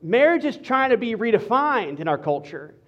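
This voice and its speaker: A man preaching as a pastor, playful and animated, joking with the congregation between serious points. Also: extremely high pitch, normal speed, highs cut off. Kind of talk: sermon with humor.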